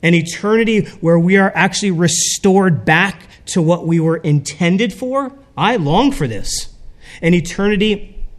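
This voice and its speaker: Pastor guy, slightly higher voice, preaching casual and chatty, keeps asking "right?". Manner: conversational preaching, frequent "right?" checks. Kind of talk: sermon.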